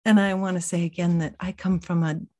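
A woman teaching a workshop, answering questions gently and reflectively, often dropping into a soft whisper. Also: lowish voice, level tone, fairly quick.

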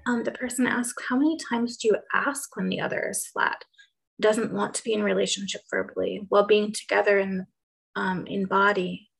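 Woman moderator; reads questions with pauses and fillers; raspy, gravelly voice. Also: medium pitch, steady tone, rough recording. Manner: hesitant, with many fillers. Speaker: moderator reading audience questions. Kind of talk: reading out questions.

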